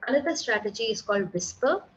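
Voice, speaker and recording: A woman's voice: on the high side, lively intonation, fast talker, lo-fi sound, a little hiss or hum. A woman speech therapist giving a seminar lecture, explaining patiently and demonstrating sounds aloud.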